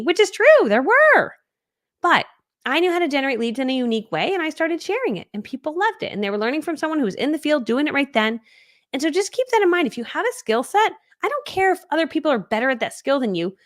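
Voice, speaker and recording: A middle-aged woman teaching an online course live, talking fast and animated in a chatty style full of "like" and quick asides. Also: medium pitch, no echo, clean studio sound.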